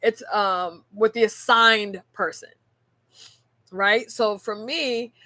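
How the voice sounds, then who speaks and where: A woman's voice: mid-range voice, takes it slowly, bright, forceful tone, dry recording. A woman hosting a casual faith-based talk, speaking earnestly and telling stories with frequent rhetorical questions. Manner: earnest, storytelling, rhetorical "right?". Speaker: podcast host. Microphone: on camera.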